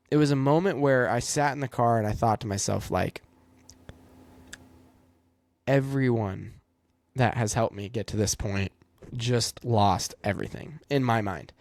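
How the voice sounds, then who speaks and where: A man's voice: medium pitch, darkish tone, dry recording. A young man, a race car driver, telling a personal story in a casual, reflective way with lots of fillers. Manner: reflective, rambling with many fillers.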